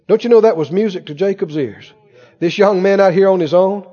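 A man preaching a sermon as pastor, animated and quizzing his congregation with questions as he goes. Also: high-pitched, brisk. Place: church sanctuary. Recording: dull sound with long hall reverb.

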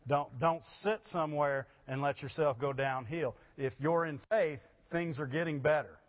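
A man preaching a sermon, rising to loud emphasis with laughing asides. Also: on the high side, unhurried, dull audio. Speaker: pastor.

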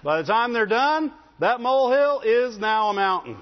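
A man preaching a sermon in an animated way, often asking the congregation questions. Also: very high-pitched, normal speed. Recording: dull sound with long hall reverb.

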